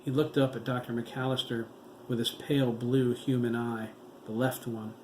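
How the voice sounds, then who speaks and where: A man reading his own horror novel aloud in a slow, dramatic storytelling manner. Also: mid-range voice, level tone, darkish tone. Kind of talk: audiobook narration. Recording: echoey room with faint background noise.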